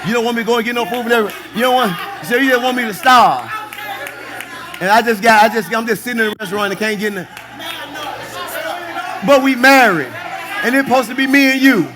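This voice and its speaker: A male pastor preaching a lively sermon, shouting, laughing and acting out husbands and wives for his congregation. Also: very high-pitched, fairly quick, pauses often, crowd noise. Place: church sanctuary. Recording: live church service with congregation audible. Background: congregation responding.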